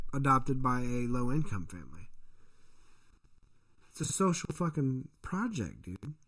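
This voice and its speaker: A man who is a father, co-hosting a casual podcast, telling a story in a rambling, profane way and acting out the people in it. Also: mid-range voice. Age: adult parent. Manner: profane, rambling storyteller, acts out quoted voices. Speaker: podcast co-host.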